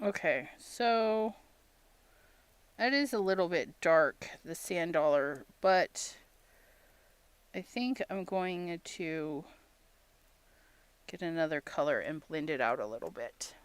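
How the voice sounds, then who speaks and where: Speaking in a deep, clear, resonant voice with no echo, this woman is animated yet takes her time, pausing often. She hosts a laid-back crafting stream, telling laugh-filled stories, acting out bits of dialogue, and greeting viewers as she works.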